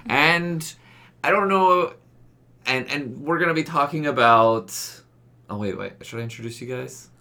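A man hosting a casual podcast chat, rambling and laughing often, his voice a bit rough from a loud night out. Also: mid-range voice, a little slow. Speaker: podcast host.

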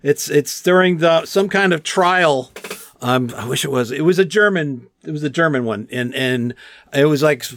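A male voice actor appearing as a podcast guest tells stories casually and outdoors, with gnats around, acting out the people he quotes as an animated storyteller. His voice sits a little high at a normal speed.

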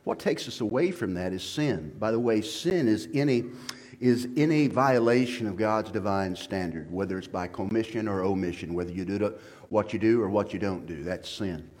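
Man, pastor, sermon, swings from hushed to loud and fervent. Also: normal speed, in a large hall. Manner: builds from low and quiet to loud and fervent.

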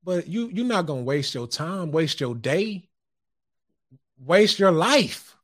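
Male podcast host, high voice, casual preachy monologue, chuckles and cusses freely. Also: animated, slow, fairly bright tone. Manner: loose, preachy, chuckles often, curses casually. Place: home studio.

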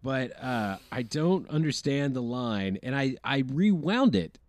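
A man's voice: medium pitch, animated, measured pace, a little mellow, no echo. A middle-aged man co-hosting a podcast, chatting casually about a movie in a rambling, hesitant way. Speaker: podcast co-host. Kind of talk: casual movie recap chat.

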